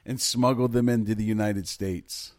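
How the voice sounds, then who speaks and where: A man's voice: fairly low pitch, steady tone, normal speed, dry recording, studio quality. A man co-hosting a podcast, chatting loosely about news stories, swearing and laughing often. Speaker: podcast co-host. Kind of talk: casual news chat.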